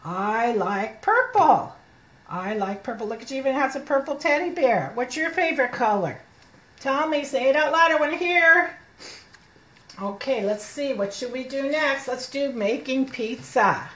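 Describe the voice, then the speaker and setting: A woman reading teacher leading an early reading lesson for young children, slowly sounding out letters and words and encouraging her listeners. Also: sits high, animated, fairly bright tone, echoey room. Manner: encouraging, speaking to children as if they were present.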